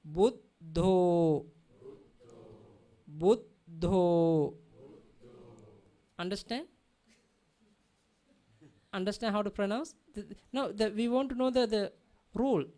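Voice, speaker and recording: A woman's voice: mid-range voice, normal speed, long pauses, a little mellow. A woman teaching a language class, drilling pronunciation by repeating words and often checking that her students understand. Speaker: Pali teacher.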